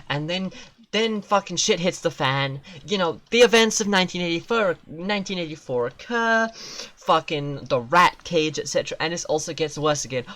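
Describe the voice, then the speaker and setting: Game streamer, casual profane rants, mid pitch, animated swoops in delivery. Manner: profane, ranting, self-mocking. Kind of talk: casual gaming-stream rant.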